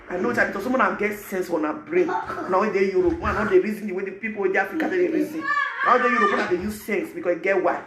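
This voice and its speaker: A man speaking Nigerian Pidgin English, giving animated, preachy advice to his viewers in a casual vlog. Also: high voice, reverberant. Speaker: vlogger.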